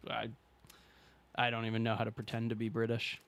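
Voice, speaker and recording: A man's voice: mid-range voice, monotone, brisk, pauses often, a bit bright, smooth. Chatty male game streamer. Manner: chatty, thanks viewers and talks to chat while playing. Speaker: streamer playing a survival game. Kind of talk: casual live-stream commentary.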